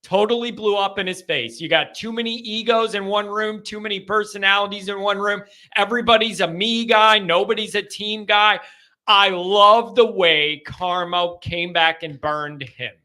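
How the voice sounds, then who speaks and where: A man's voice: sits high, steady tone, moderate pace, bright, forceful tone. A man hosting a live call-in sports talk show, talking bluntly and ranting heatedly. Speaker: show host.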